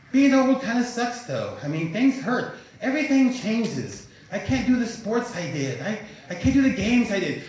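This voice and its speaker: A man in his sixties hosting a live comedy show, doing self-mocking stand-up and chatting with the audience. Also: high voice. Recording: echoey venue, dull sound.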